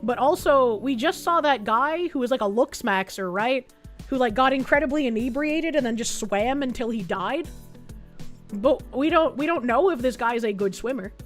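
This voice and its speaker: A woman's voice: sits high, expressive, normal speed, faint music behind. A young adult woman streaming, chatting loosely through casual reaction commentary, swearing freely and reading chat messages aloud.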